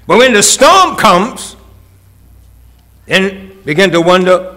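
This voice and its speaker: A man's voice: a little high, expressive, measured pace, long pauses, sharp tone. A male pastor preaching a sermon, with rising, emphatic calls and acted-out quotes.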